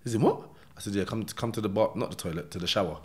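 Low-voiced man with a London accent. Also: rapid-fire. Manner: animated retelling with acted-out dialogue and swearing. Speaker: podcast guest. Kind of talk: casual interview storytelling.

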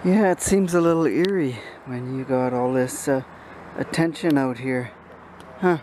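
A darkish, medium-pitched voice comes from an older man vlogging outdoors in a city with a handheld camera. He speaks unhurriedly in casual, rambling, chatty narration that keeps getting sidetracked, over noisy camera audio.

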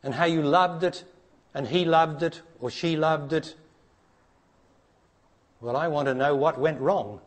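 Blunt spiritual teacher guy lecturing a crowd, kinda high voice, goes quiet then punchy. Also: measured pace, pauses often. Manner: blunt, challenging, preacher-like, asks direct questions; swings between hushed low passages and raised emphatic ones. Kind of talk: spiritual talk to an audience.

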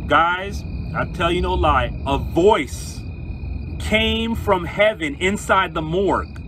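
A man, a pastor, talking to viewers in an emphatic, animated preaching style and telling stories. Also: high voice, slow pace, background noise.

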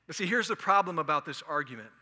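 A man's voice: a little high, expressive, fast talker, bright, forceful tone. A man from Houston preaching a sermon as pastor, joking and talking in a loose conversational way. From Houston, Texas. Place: church sanctuary. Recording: long echo of a large church hall.

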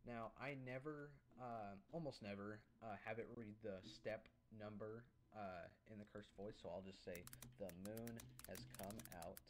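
A man recording a casual software tutorial over his screen, talking in a halting way with many uh's. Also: lowish voice, fairly even intonation, a little hiss or hum. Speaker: YouTube creator.

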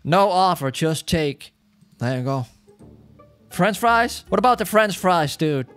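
Excitable man with a lively high voice. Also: measured pace, soft background music. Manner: excitable, chatty, laughs often. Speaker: gaming YouTuber. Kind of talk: casual gameplay commentary.

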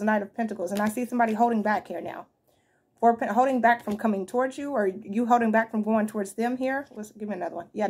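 A woman's voice: on the high side, darkish tone, slightly rough. A woman giving a casual, chatty tarot reading, thinking aloud as she turns cards, with easy laughs and the odd swear word. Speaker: tarot reader.

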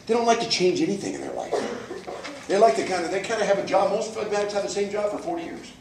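At an indoor event hall, a man with a high, very animated voice delivers a folksy, emphatic motivational talk to a live audience at a business coaching event, acting out the people he describes. He speaks at a quick pace, his tone a little mellow. The echoey hall picks him up from far off, with slight background noise.

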